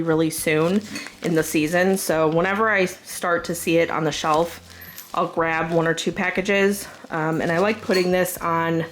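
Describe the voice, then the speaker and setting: A woman in her thirties with a Southern US accent, chatting casually and rambling through a grocery haul with lots of fillers. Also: medium pitch. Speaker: vlogger showing a grocery haul. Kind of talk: casual chat.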